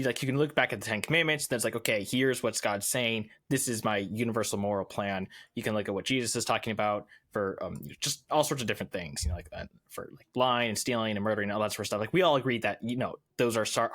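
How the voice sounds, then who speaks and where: A man's voice: medium pitch, very fast, a bit bright. A man co-hosting a film podcast, explaining ideas eagerly in casual chat. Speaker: podcast co-host.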